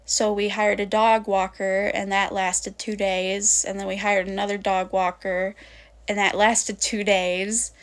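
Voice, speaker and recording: A woman's voice: medium pitch, little pitch movement, a little slow. A woman streamer in casual, rambling chat who wanders off on tangents and swears offhandedly. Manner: rambling, goes off on tangents, many fillers. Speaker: VTuber streamer.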